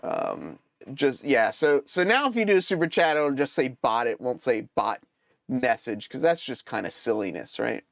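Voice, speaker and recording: A man hosting a casual live stream, thinking aloud as he troubleshoots and answers viewers' chat with hesitant, halting phrasing. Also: medium pitch, lively intonation, gravelly, no echo, clean studio sound. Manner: hesitant, many fillers and restarts.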